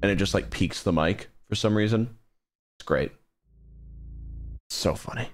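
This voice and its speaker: A young man with a fairly low voice chats loosely to his viewers while streaming a spooky game. He rambles and restarts his sentences, and his voice jumps up high when something startles him. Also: normal speed. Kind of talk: casual gaming livestream chat.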